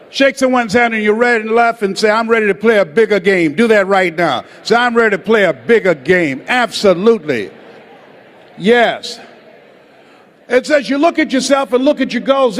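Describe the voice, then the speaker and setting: High-voiced older man preaching in a hall. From United States. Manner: calls for audience responses, dramatic pauses. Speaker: motivational speaker. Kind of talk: motivational speech to a live audience. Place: large auditorium. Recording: hall reverb.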